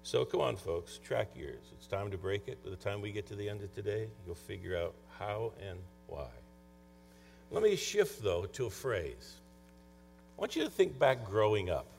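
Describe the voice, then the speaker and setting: A man's voice: fairly low pitch, very animated, moderate pace, vocal fry, a little mellow, faint music behind. A man speaking as a conference speaker and coach, telling stories in a conversational motivational talk. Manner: conversational storytelling. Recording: long hall reverb, faint mains hum.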